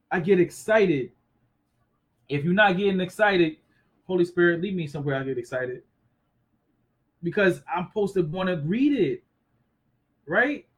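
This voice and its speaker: A man in his thirties co-hosting a casual faith discussion, animated and acting out quoted voices. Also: sits high, low-quality recording. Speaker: co-host.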